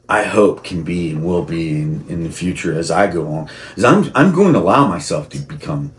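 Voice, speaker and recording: A man talking to camera in a rambling personal monologue, repeating and restarting, working himself up into heated outbursts. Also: low-pitched. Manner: rambling, gets heated and shouty; frequent restarts and repeated words. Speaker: vlogger.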